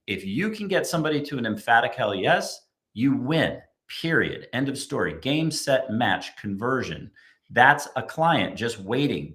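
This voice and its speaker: A man talks as a guest on a marketing podcast, middle-pitched and full of conviction. He drives his points home emphatically and acts out quoted customers along the way. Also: a bit bright. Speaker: guest, chief creative officer. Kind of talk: podcast conversation.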